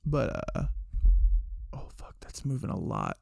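A man's voice: fairly low pitch, wildly swooping pitch, a little slow, vocal fry, dry recording, whispered, clean studio sound. A man co-hosting a podcast, chatting loosely and swearing a lot as he rambles through stories. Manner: loose and profane, rambling retellings. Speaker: podcast co-host. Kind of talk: casual chat.

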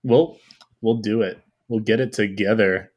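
A man's voice: fairly low pitch, measured pace, darkish tone, breathy edge, lo-fi sound. A man co-hosting a podcast, casual with dry wisecracks. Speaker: podcast co-host. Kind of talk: casual comedic chat.

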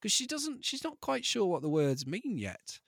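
A man's voice: high-pitched, moderate pace, gravelly, no room sound, clean studio sound. A man in his thirties, a comedian telling funny stories and acting out voices. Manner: animated, acts out voices and quotes. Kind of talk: comic storytelling.

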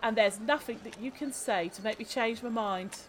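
A woman's voice: on the high side, normal speed, slight background noise, lightly acted. A woman playing a haughty, pompous starlet actress in an improvised comedy sketch. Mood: insulting. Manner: indignant, theatrical, pompous. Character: haughty female starlet, a self-important actress.

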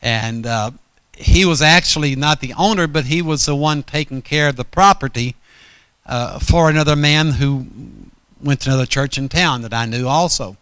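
Folksy, rambling man preaching, smooth voice. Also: medium pitch, normal speed, a bit bright, no room sound. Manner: rambling, self-correcting, folksy. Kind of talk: storytelling sermon.

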